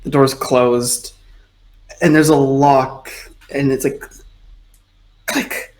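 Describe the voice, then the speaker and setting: A man's voice: mid-range voice, level tone, slow pace, darkish tone, low-quality recording. A man running a tabletop game as game master, narrating loosely with lots of "like" and "sort of".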